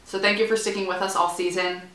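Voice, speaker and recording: A woman's voice: mid-range voice, level tone, fast, a bit bright. Chatty young woman in an echoey room. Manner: chatty, rambling, playful asides. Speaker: vlogger. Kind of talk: casual TV recap vlog. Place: room in a student building.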